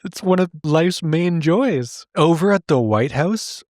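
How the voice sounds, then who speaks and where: A man's voice: on the high side, expressive, slow, darkish tone, no echo, studio quality. A man co-hosting a comedy show, recapping an old cartoon with sarcastic, incredulous narration. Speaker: podcast co-host recapping a cartoon. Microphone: remote call mic.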